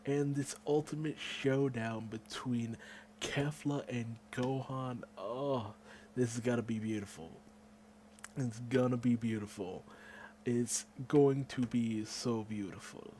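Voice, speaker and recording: A man giving a casual, excitable manga chapter review, swearing freely and acting out the characters' lines. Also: mid-range voice, takes it slowly, a little hiss or hum.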